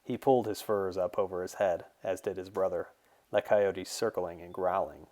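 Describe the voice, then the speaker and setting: A man, the author, reading his fantasy novel in a steady, measured storytelling voice. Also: low voice. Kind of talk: audiobook narration.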